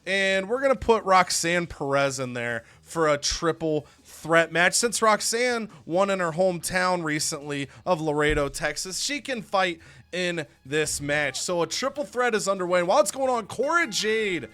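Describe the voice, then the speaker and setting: A man's voice: high-pitched, expressive, moderate pace, sharp tone. A man casually narrating a wrestling video game story with chatty asides.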